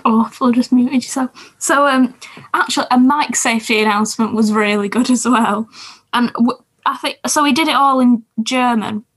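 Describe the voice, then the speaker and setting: A woman's voice: a little high, moderate pace, breathy edge, poor audio. A woman co-hosting a podcast, recapping TV shows in casual, rambling chat and laughing often. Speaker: podcast co-host.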